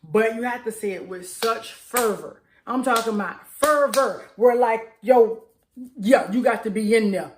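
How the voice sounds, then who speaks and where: A woman's voice: a little high, a little slow, echoey room, slight background noise. A middle-aged woman coaching on mindset, talking casually and emphatically, with a hyper energy and affirmations repeated with growing force. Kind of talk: casual motivational talk.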